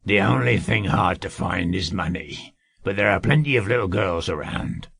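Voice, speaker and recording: Male narrator puts on a sly, greedy plotter for an audiobook; rough, breathy, slow, unhurried. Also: sits low, animated, a bit bright, no room sound, clean studio sound, heavily acted. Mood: smug. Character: sly scheming male servant, cunning and greedy.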